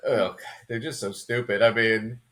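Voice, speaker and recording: A man's voice: fairly low pitch, fairly even intonation, a little slow, fairly bright tone. A man co-hosting a podcast, talking casually and sarcastically about clips he plays. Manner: sarcastic, dismissive. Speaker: podcast co-host.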